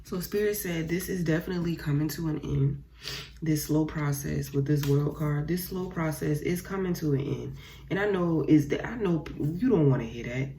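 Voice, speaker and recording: A woman's voice: sits low, normal speed, warm tone, slight background noise. A young woman giving a casual tarot reading, blunt and profane, repeating phrases and talking straight to her viewers. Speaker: tarot reader.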